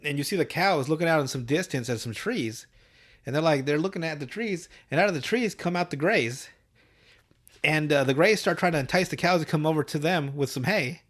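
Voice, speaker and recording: Animated profane man retelling a cartoon. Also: fairly high pitch, fairly quick. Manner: animated, profane, laughing storyteller. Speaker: podcast co-host. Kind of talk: casual chat, episode recap.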